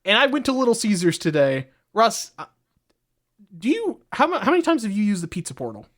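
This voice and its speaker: A man co-hosting a comedy podcast, rambling through deadpan bits in casual chat. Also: high-pitched, fairly quick. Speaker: podcast co-host.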